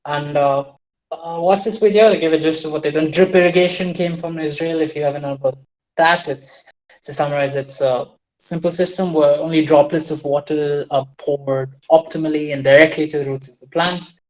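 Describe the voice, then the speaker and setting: A man's voice: a little high, steady tone, moderate pace, poor audio. A man giving a rambling, digressive casual monologue while sharing his screen, with wry, self-deprecating asides and frequent restarts. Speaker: commentator on farming trends.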